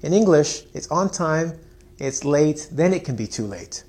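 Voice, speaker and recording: A man's voice: on the high side, lively intonation, a little slow, darkish tone. A man teaching an English lesson, acting out students' lines with big jumps in voice and laughing often. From Canada. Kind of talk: energetic online English lesson.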